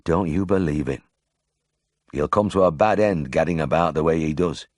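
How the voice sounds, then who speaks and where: A man's voice: very deep voice, moderate pace, darkish tone, dry recording, clean studio sound. A man voicing a bad-tempered old male farmer, blunt and swearing, in an audiobook. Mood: grim muttering. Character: sour, grumbling old male Yorkshire farmer.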